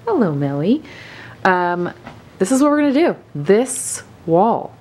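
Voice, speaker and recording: A woman's voice: medium pitch, very animated, a little slow, a little hiss or hum. A woman chatting casually in a home vlog, thinking aloud with lots of "like" as she paints her living room. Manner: hushed at night. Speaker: homestead vlogger.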